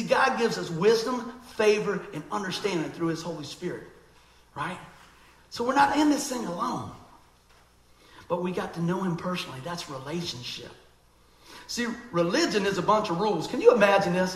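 A man preaching a sermon in an animated, conversational way, acting out quoted voices. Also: high voice, normal speed, echoey room, poor audio.

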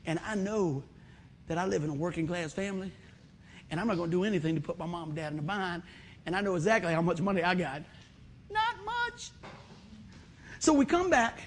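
High, lively-voiced male preacher telling a story. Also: a little hiss or hum. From West Virginia. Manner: animated storytelling, acting out voices, bursts of loud whoops. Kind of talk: storytelling sermon.

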